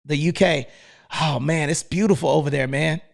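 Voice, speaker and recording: A man's voice: on the high side, normal speed, creaky. A man hosting a live real estate stream, talking casually and energetically with lots of slang and repeated "man". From United States. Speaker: host.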